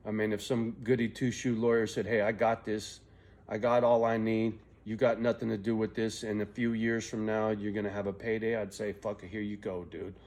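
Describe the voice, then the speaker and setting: A man's voice: on the low side, a little mellow. A middle-aged man confiding a rambling, profane personal story to his viewers. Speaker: vlogger.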